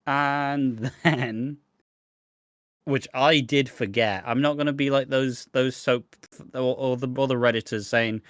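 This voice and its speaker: A man's voice: medium pitch, measured pace, a bit bright, no echo, clean studio sound. A man co-hosting a casual podcast, chatting and acting out scenes in other voices. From Britain. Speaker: podcast co-host. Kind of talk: casual chat.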